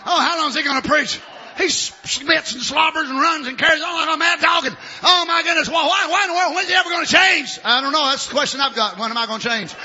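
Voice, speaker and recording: High, bright-voiced shouting preacher. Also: male voice, fast, muffled recording, slight background noise. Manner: shouting, exclaiming glory and hallelujah. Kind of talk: impassioned sermon.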